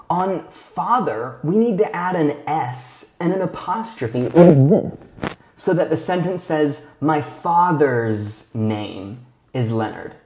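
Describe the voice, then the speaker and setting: Man teaching slowly in an echoey room. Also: fairly high pitch, warm tone. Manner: slow, clear teacher talk with frequent check-in questions. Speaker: English teacher. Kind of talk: video lesson for learners.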